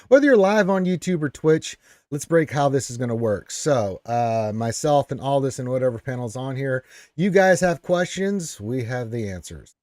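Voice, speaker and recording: A man's voice: mid-range voice, warm tone, dry recording, studio quality. A man hosting a live stream Q&A. He talks in a boisterous, teasing way and keeps tagging his points with "right?". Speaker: show host.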